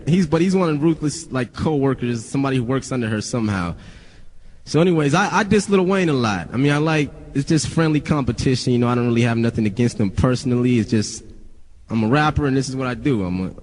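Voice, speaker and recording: A man's voice: medium pitch, animated, a little fast, a little mellow, long reverb tail. A young man, a rapper, telling stories casually to friends, swearing often and rambling with many restarts.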